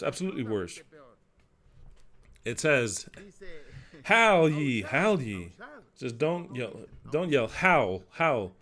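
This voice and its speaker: A male preacher with a mid-pitched voice delivers an impassioned sermon, reading scripture aloud and breaking off into sarcastic asides. He swears bluntly and swings between loud declamation and low, muttered remarks.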